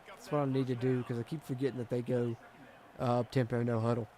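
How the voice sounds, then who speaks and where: A streamer with a mellow, medium-pitched voice keeps a level tone and a quick pace. He chats through a football video game live, reading viewer comments and veering between frustration and hype.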